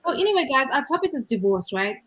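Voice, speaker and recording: Animated South African woman host. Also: high voice, fast talker, a little hiss or hum, rough recording. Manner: animated, emphatic storyteller. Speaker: podcast host. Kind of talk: casual chat.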